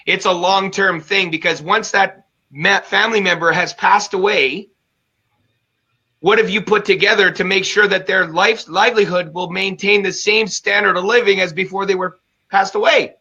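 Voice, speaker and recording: A man hosting an interview, talking in an emphatic, fired-up and energetic way. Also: high-pitched, normal speed, breathy edge. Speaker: show host. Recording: dull lo-fi sound.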